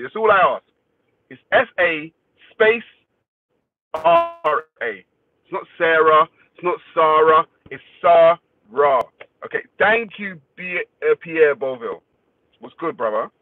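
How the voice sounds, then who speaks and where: A man's voice: on the high side, lively intonation, normal speed, husky, no room sound. Laid-back man on a thin-sounding stream. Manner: laid-back, greets viewers by name, swears freely. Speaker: livestream host. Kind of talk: casual livestream chat reading comments. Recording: dry, phone-like thin sound.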